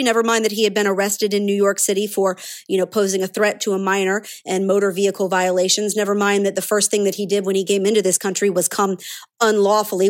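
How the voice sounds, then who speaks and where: A woman delivering a sarcastic, indignant political opinion monologue as a commentator. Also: medium pitch.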